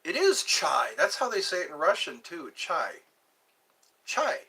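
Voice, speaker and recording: Man, solo vlog host, unhurried rambling chat, bright tone, set back from the mic. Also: fairly high pitch, sing-song, creaky. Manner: rambling, musing aloud, drifts between topics. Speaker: channel host. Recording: voice a bit far from the mic.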